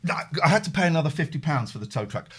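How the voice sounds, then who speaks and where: Lively man hosting a stream. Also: a little high, very fast, breathy edge. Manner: animated storyteller, acts out phone calls, thanks subscribers. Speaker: host. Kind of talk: casual chat, livestream storytelling.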